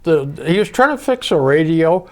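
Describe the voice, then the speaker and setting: An older man hosting a casual chat, telling jokey stories in an animated way. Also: fairly high pitch, moderate pace. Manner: animated, joking storyteller. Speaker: host.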